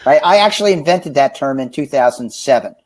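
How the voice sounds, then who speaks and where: A man telling a lively, joking story in a livestream interview, acting out the people he quotes. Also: mid-range voice, brisk. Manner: animated, acts out quoted dialogue, jokey. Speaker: author and sales executive. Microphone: remote livestream call.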